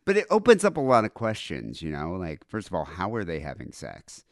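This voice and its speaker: Man, podcast co-host, low voice, very animated, dry close mic, rambling irreverent chat. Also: brisk, no room sound. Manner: rambling, irreverent, many fillers. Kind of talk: casual comedic chat. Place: home.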